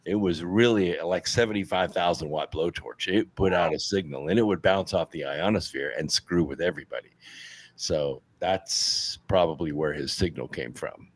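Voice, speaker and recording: A man on a talk-show panel, telling an anecdote in a relaxed, casual way. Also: low voice, moderate pace, slightly rough. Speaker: regular panelist.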